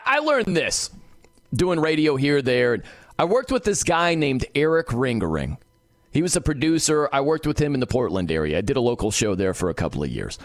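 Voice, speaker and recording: A man guest-hosting a sports talk radio show, giving an opinionated monologue and mimicking people in quick asides. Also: a little high, fairly bright tone, no room sound, clean studio sound.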